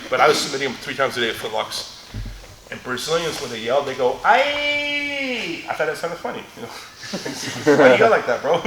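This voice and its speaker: A man's voice: medium pitch, fairly bright tone, a little hiss or hum. Joking middle-aged male grappling instructor. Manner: joking storyteller, laughs often, demonstrates moves. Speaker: martial arts seminar instructor. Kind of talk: live teaching seminar with anecdotes. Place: large echoey training gym. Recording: echoey gym with faint ambience.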